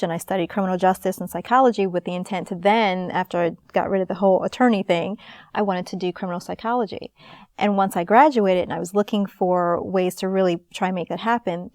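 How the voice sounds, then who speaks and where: A woman in her thirties, an actress guest in an interview, telling stories in a lively, animated way. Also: mid-range voice, a little fast, no room sound, clean studio sound. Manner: lively, animated storyteller, laughs often. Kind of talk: casual storytelling in an interview.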